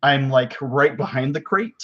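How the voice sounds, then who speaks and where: A man's voice: mid-range voice, moderate pace, a bit bright, a little hiss or hum. A man playing a tabletop game, describing his character's moves in a rambling way with many fillers. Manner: rambling, lots of "like". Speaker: player. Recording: muffled lo-fi audio.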